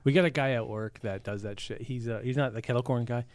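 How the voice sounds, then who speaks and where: Man, podcast co-host, deadpan humor, casual chat, dry close sound. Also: mid-range voice, quick pace, no room sound. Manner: wry, deadpan jokes, stumbling restarts.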